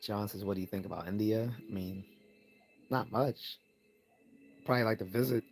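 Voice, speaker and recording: Guy with a lowish voice doing a chill live-stream q&a, laughs a lot, voice going a bit hoarse. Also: unhurried, long pauses. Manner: relaxed, laughs often, repeats words when starting. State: losing his voice. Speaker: live-stream host answering chat.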